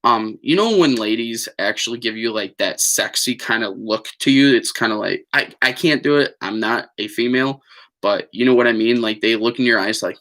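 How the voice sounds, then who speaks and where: A man's voice: mid-range voice, normal speed, fairly bright tone. A man telling a story on a live stream in a chatty, digressive way, with lots of fillers and apologies. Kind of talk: rambling casual storytelling.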